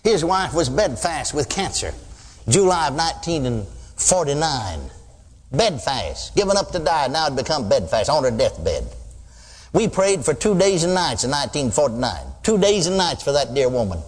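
An older man preaching a sermon, telling folksy stories and acting out loud prayers. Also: a little high, big pitch swings, moderate pace, husky. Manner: folksy storytelling, mimics praying loudly. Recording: reverberant hall.

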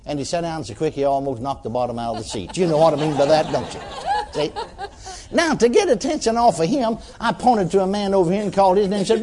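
A man preaching a sermon to a congregation, telling a story in a folksy, animated way. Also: on the high side, quick pace.

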